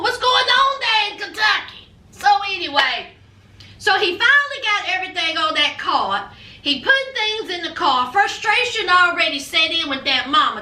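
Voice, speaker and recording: A woman recaps a reality show with sassy, animated storytelling. Her voice is very high and bright, and it swings widely in pitch. She sounds a bit far from the mic, in a roomy, echoing space. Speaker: reality TV reviewer. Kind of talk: casual recap commentary.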